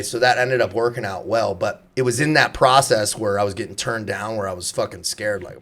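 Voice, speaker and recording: A man's voice: on the low side, fairly quick, hardly any pauses. A man in his thirties, a former soldier guest on a podcast, telling stories in casual, profane, laugh-filled chat. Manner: profane, laughing, animated storytelling.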